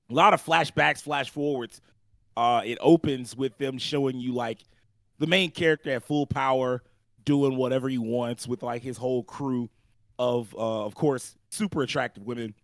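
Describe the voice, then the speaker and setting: A young man co-hosting a podcast, recapping an anime plot in a slangy, animated storytelling manner and clearing his throat often. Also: medium pitch, no echo, clean studio sound. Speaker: podcast co-host. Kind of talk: casual anime recap chat.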